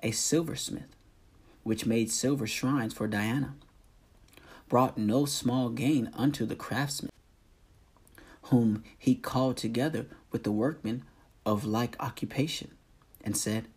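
A man reading scripture aloud in a slow, deliberate, solemn manner, announcing verse numbers. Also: mid-range voice, steady tone, breathy edge. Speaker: scripture reader.

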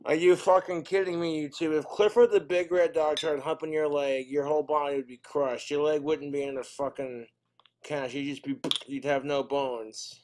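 A comedian delivering a crude stand-up set. His voice sits a bit high for a man. He rambles from one joke to the next in a loose, off-the-cuff way. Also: little pitch movement, normal speed, darkish tone.

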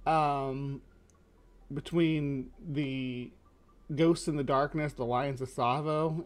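A man with a fairly high voice chats casually, reacting with excitement between readings. He rambles, restarts his sentences and leans heavily on "like". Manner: excitable, rambling, lots of "like" and restarts, laughs often. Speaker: podcast co-host. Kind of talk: casual chat.

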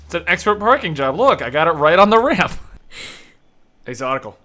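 A man riffing over gameplay in a fairly high voice that jumps all over the place. He jokes around constantly and breaks into laughter a lot, keeping things loose and excitable. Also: fairly quick. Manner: joking, excitable, laughs often. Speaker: gameplay commentator. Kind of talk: casual let's-play commentary.

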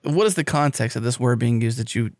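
A man co-hosts a podcast, keeping the chat casual, playful and teasing. He talks fast in a mid-range, darkish voice, with clean studio sound and no echo.

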